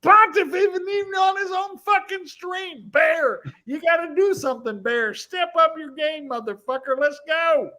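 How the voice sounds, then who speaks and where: A man's voice: very high voice, normal speed, hardly any pauses, bright, forceful tone, pitched above the performer's own voice. A man voicing a foul-mouthed, bossy mob enforcer who barks profane pep talks at a livestream audience. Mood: barking. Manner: profane barking pep talk.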